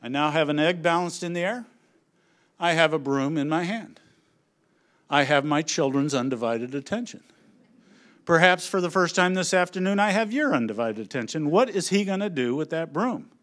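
A middle-aged man speaking on a conference stage, telling family stories as an animated storyteller who acts out his family's lines. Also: on the high side, moderate pace. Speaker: conference speaker on children's ministry. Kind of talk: humorous presentation to an audience.

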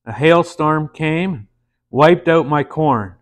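A man playing a down-on-his-luck farmer hawking peaches, talking in a plain, folksy way with a glum edge. He is a character in a slowly told spoken joke and speaks unhurriedly. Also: fairly high pitch, pitched above the performer's own voice. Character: weary male farmer selling peaches door to door.

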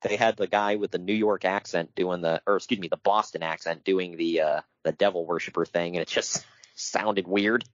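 A man's voice: low voice, fairly even intonation, moderate pace, no echo, lo-fi sound. Wry man reading notes on a podcast. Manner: wry, laughs often, reads notes then riffs. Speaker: podcast co-host. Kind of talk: casual podcast chat.

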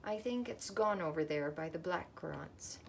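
A woman's voice: on the low side, expressive, moderate pace, creaky, a little hiss or hum. A woman voicing a fussy, scolding red currant girl in a storybook reading.

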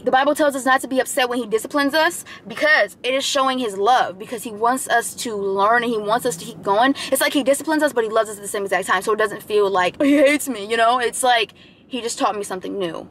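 A woman's voice: fairly high pitch, fast, fairly bright tone, a little hiss or hum. A young woman with an American accent, chatting in a vlog, rambling with lots of fillers and preachy asides, recorded on a phone in a car. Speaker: vlogger. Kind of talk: casual vlog chat. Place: in a car, driving.

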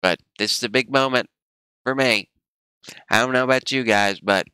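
A man's voice: medium pitch, moderate pace, long pauses, sharp tone, smooth, no echo. A man livestreaming casually, rambling and groaning in pain with teary eyes and a running nose. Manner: rambling, groaning and gasping from spicy heat. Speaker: streamer.

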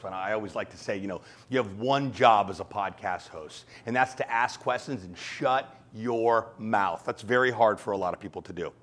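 A man teaching podcasting to an audience, talking fast and lively and acting out little exchanges. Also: fairly low pitch. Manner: fast, animated, acts out quoted exchanges. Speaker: podcast coach. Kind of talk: energetic talk to an audience.

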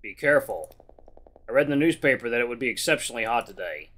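A man's voice: mid-range voice, lively intonation, fast talker, fairly bright tone. A man voicing a cautious older male professor who gives dry warnings, in a game read-aloud. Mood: cautioning.

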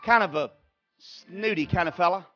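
A male pastor preaching an Easter sermon in a church, fervent and emphatic, swinging from quiet asides to shouted exclamations. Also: high-pitched, moderate pace, lo-fi sound, faint music behind. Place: church sanctuary.

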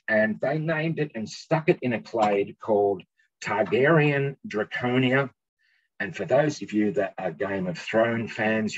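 A man's voice: lowish voice, slightly rough. An Australian man giving an informal, explanatory science lecture over a video call, often checking in with the audience. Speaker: guest researcher giving a lecture. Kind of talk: slide-based science talk. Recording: dull lo-fi video call audio.

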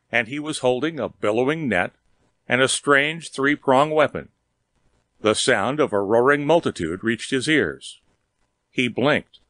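Man reading a story aloud, steady and measured, mid pitch, dry close sound. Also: no room sound. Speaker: narrator. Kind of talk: audiobook reading.

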